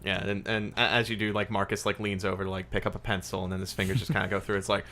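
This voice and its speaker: Male game master, bright lowish voice, loose filler-heavy narration. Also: little pitch movement, rapid-fire.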